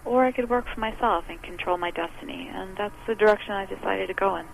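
A woman's voice: medium pitch, fast, creaky, poor audio. A woman business owner is a guest on an interview, with faint noise in the background. She talks chattily and explains her ideas in simple, everyday examples. She often acts out what other people say. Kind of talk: conversational interview.

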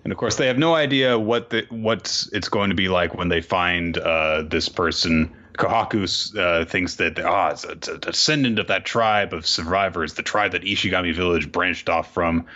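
Low-voiced male podcast co-host, punchy tone, relaxed and chuckling, slightly dull recording. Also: normal speed, hardly any pauses. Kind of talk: casual chat recapping a comic. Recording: dull lo-fi mic.

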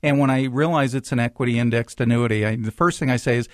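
A man who works as a financial planner explains finances on a talk radio show, animated, repeating words as he starts sentences. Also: mid-range voice, fast, few pauses, dry recording, clean studio sound.

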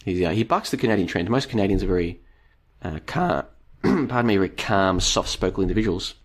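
Low-voiced man hosting a rambling live stream. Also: animated, fairly quick. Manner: rambling, talks straight to the audience as "folks", repeats rhetorical questions. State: voice starting to tire after two hours. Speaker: live stream host reading chat. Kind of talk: casual live stream commentary.

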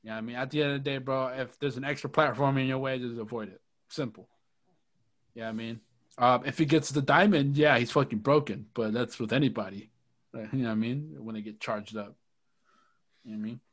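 A man's voice: medium pitch, fast, fairly bright tone. Laid-back young man riffing with friends. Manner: loose and joking, often says "bro" and "you know what I mean". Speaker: podcast co-host. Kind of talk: casual chat.

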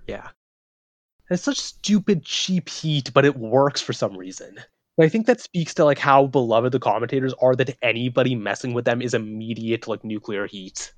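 Animated, profane man in casual chat. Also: mid-range voice, normal speed, no echo. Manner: animated, profane, says "like" a lot. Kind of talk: casual chat about wrestling.

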